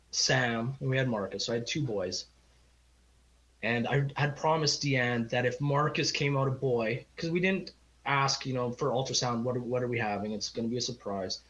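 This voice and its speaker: In a casual storytelling interview, the Canadian guest, middle-aged, winds through a long, heartfelt personal tale, voicing the people he quotes. His voice sits at medium pitch and is a bit bright, captured on slightly dull lo-fi audio.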